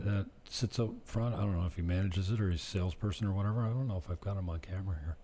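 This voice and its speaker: A man vlogging in a casual, rambling monologue, self-deprecating and drifting off topic, with a husky voice. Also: on the low side, mellow.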